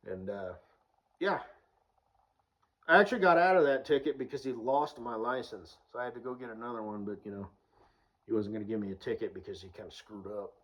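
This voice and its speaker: A man's voice: lowish voice, a little fast, long pauses, a bit bright, rough recording. A young man telling stories in a casual vlog, rambling with lots of fillers and swearing freely. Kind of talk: casual storytelling.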